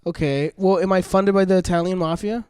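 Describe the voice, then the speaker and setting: A man's voice: high voice, brisk, smooth, no room sound. Man, comedy podcast co-host, improvised banter, rambling and giggly, dry close recording. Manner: animated, laughing, rambling storyteller.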